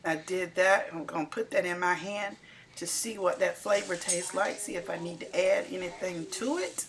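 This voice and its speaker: A woman's voice: lowish voice, moderate pace, crowd noise, rough recording. Homey older woman cook. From Carolina, US. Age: 60s. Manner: homey, repeats herself, folksy grammar. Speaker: home cook. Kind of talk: voice-over cooking narration.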